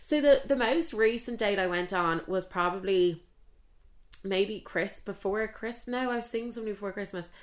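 A woman's voice: mid-range voice, normal speed. Woman, 20s, Irish accent, casual storytelling, rambling, blunt, sweary.

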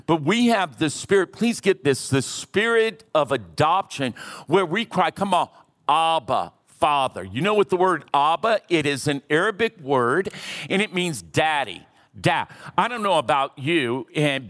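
Slow-preaching man in his sixties. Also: on the high side, a bit bright. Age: 60s. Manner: impassioned preaching with audience callouts. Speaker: pastor. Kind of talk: sermon. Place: church auditorium.

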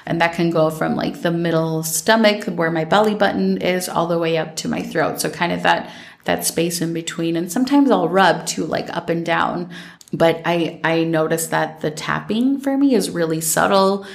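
A woman hosts her own podcast, musing aloud in a gentle, rambling way. Her voice sits on the low side with a gravelly fry. She keeps circling back with casual fillers as she thinks. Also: moderate pace. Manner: gentle, meandering, many "like" fillers. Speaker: podcast host. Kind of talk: reflective solo podcast talk.

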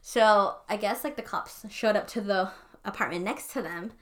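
A woman's voice: medium pitch, moderate pace, fairly bright tone. A young woman co-hosting a podcast, telling a story in a rambling, casual way with lots of swearing. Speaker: podcast co-host. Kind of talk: casual chat.

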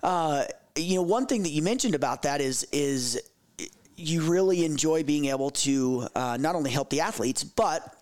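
A man's voice: on the high side, expressive, moderate pace, a little mellow. A man hosting a podcast interview, affirming his guest and asking long, meandering questions full of fillers. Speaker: podcast host.

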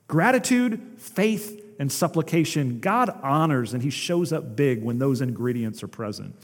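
A man's voice: mid-range voice, big-room sound. A man preaching a sermon as pastor, asking his congregation rhetorical questions. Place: church sanctuary.

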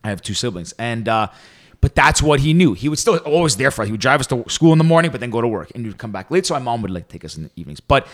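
A man talks quickly in a loose, friendly podcast chat. He tells stories with energy and acts out what other people said. His pitch sits in a middle range. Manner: animated storyteller, acts out quotes. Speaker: podcast co-host. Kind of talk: casual chat.

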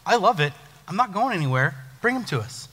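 With a high, brisk voice that has a breathy edge, a young youth pastor jokes his way through a casual sermon. He tells lively stories and pokes fun at himself, and the church hall adds a long reverb.

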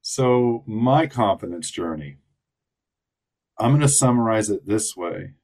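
A man with a lowish voice speaks as a podcast guest. He talks in a reflective, considered way as he explains his ideas. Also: expressive, unhurried, a little mellow. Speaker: guest psychologist. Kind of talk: podcast interview.

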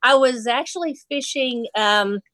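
A woman's voice: high-pitched, unhurried, a bit bright, no echo. A woman from Nashville, a fly fishing instructor, telling a fishing story in casual chat, laughing often and acting out the voices she quotes. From Nashville, Tennessee.

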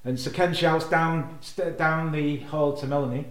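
A man's voice: on the high side, steady tone, moderate pace, reverberant. A man co-hosting a podcast, casually retelling a sitcom episode and chuckling as he goes. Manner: chuckling storyteller, laughs through his own retellings. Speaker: podcast co-host.

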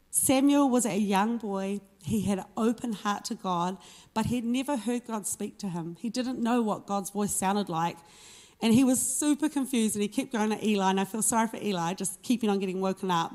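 A woman's voice: medium pitch, a little mellow. A woman preacher giving a conversational, encouraging sermon, reading scripture aloud and applying it to everyday life.

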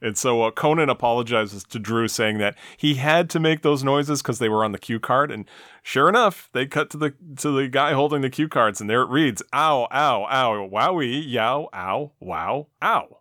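A man hosting a podcast, casually talking through an old talk show episode with relaxed, filler-heavy chat. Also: medium pitch, fairly quick, no echo, clean studio sound. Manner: relaxed, chatty, frequent fillers. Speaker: podcast host.

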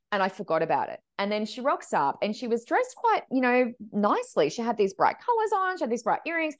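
A woman's voice: fairly high pitch, brisk, few pauses. A woman who works as a medium, telling stories in a casual podcast chat and acting out the voices of people in them. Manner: animated, acts out quoted voices.

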